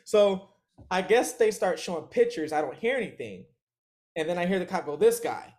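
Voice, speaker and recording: A man with a slightly raised voice tells a story as an interview guest. He keeps it loose and animated, laughs often, and slips into quick voices for other people's lines. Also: high-pitched. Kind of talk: casual storytelling.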